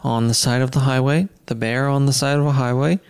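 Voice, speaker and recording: A man's voice: medium pitch, brisk, smooth. A man hosting a podcast, telling a story in a casual chat and laughing as he goes. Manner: animated storyteller, laughs mid-sentence. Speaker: podcast host.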